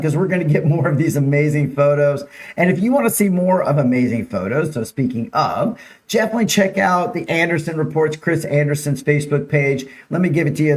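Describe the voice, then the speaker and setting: A man hosting a casual live-streamed local news show, chatting with viewers and talking over slides. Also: on the high side. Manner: chatty, upbeat, reads viewer names and slides aloud.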